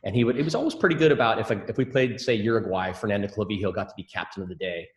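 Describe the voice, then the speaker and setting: A fast-talking man in his sixties, a podcast guest who tells relaxed, rambling stories full of fillers. His voice sits low, and the room around him rings with echo. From Scotland. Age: 60s. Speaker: podcast guest, former soccer coach. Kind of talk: casual interview chat. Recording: echoey room.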